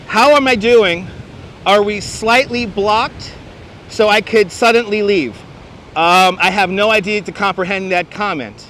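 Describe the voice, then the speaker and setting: A man's voice: sits high, unhurried, sharp tone. A man hosting a casual livestream outdoors on a beach, reading out viewer comments and joking dryly, with a clip-on wireless mic. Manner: wry, joking, mock-announcer asides. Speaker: livestream host. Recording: faint wind and surf noise.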